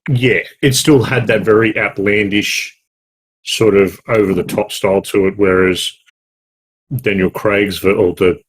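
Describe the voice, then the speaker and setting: A man's voice: fairly low pitch, fairly even intonation, measured pace, breathy edge. An Australian man co-hosting a gaming podcast, chatting casually in a rambling, jokey way with many self-corrections. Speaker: podcast co-host. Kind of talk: casual chat.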